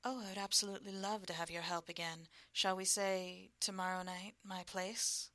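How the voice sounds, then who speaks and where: A woman voicing a gentle, confident male dessert chef in a whispered role-play, speaking softly and coaxingly. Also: mid-range voice, level tone, moderate pace, no room sound. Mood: playful. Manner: soft, intimate, coaxing.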